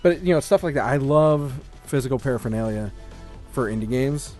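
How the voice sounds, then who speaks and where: A man co-hosting a gaming podcast from a room at home, talking in a loose, rambling way full of "like" and "um". His voice sits at an ordinary middle pitch, and faint music plays underneath. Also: lively intonation, a little fast, a little mellow. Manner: rambling, filler-heavy, enthusiastic. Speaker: podcast co-host. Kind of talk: casual gaming podcast chat. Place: home room with a shelf of collectibles.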